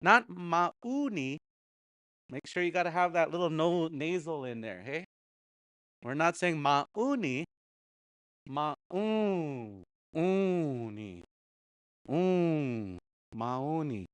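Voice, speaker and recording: A man runs a relaxed language class, taking his time and saying each word over and over. His voice sits slightly high, and the recording is close and dry with no room sound. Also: clean tone, dry recording. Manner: patient, repeats words slowly, chuckles often. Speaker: language teacher. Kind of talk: casual language class instruction.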